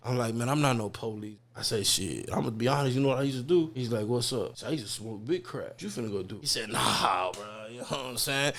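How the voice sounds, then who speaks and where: A man's voice: mid-range voice, lively intonation, fast, few pauses. A man in his thirties from Texas, a podcast guest telling his stories in blunt, profane street talk full of fillers. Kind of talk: candid storytelling interview.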